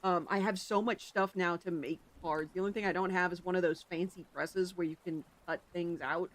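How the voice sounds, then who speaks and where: A livestreamer chatting casually with the stream chat, rambling and breaking into sudden loud exclamations. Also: medium pitch, steady tone, brisk.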